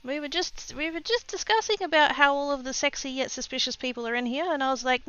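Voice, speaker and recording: A woman's voice: high-pitched, fast, pushed and bright, dry recording, highs cut off. An Australian woman streaming her crafting, chatting casually and laughing as she reads the chat. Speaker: crafting livestreamer. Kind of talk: casual chat while stamping.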